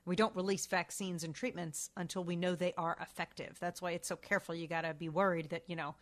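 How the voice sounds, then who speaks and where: A woman's voice: lowish voice, fairly even intonation, quick pace. A woman co-hosting a talk show, chatting about the news in an opinionated way with sarcastic asides.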